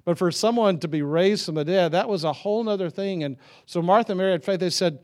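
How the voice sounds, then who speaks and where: Middle-aged man preaching, conversational and anecdotal, a touch higher-pitched. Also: quick pace, hardly any pauses, darkish tone. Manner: conversational storytelling with chuckles and restarts. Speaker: pastor. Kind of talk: sermon.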